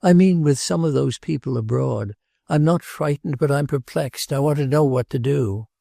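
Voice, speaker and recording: A male audiobook narrator voicing a restless, earnest princess who speaks gravely and pleads. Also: medium pitch, moderate pace, dark tone, dry recording, clean studio sound, voice pushed up. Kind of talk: audiobook character reading.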